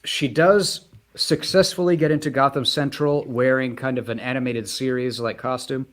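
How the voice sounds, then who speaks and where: A man with a mid-pitched voice co-hosts a casual comic book podcast. He walks through the plot in an easygoing way, full of "uh"s and "like"s. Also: steady tone, moderate pace. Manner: talks through plot recaps with many fillers. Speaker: podcast co-host.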